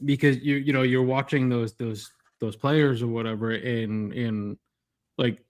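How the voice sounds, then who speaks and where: Male co-host, relaxed rambling chat voice. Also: medium pitch, measured pace. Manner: loose, filler-heavy reminiscing. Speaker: podcast co-host. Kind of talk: casual chat.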